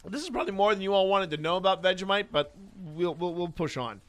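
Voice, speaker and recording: This is a male podcast host in casual talk who often trips over his own restarts. He has a bright, forceful voice pitched a little high. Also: expressive, fast, few pauses, soft background music. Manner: rambling, with frequent restarts. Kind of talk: casual podcast chat and news reading.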